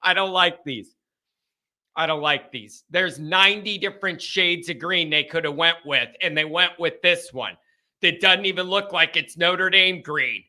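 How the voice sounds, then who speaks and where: A man's voice: fairly high pitch, measured pace, bright, forceful tone. Hyped young man hosting a fan show. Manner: hyped, jokey, sings a goofy jingle. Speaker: host of a fan call-in show. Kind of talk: energetic casual livestream talk.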